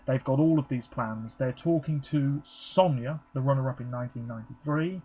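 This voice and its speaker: A man's voice: medium pitch, normal speed, mellow, husky, highs cut off. A man giving a chatty, rambling live reaction, with frequent ums. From England. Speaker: vlogger. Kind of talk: casual live reaction commentary.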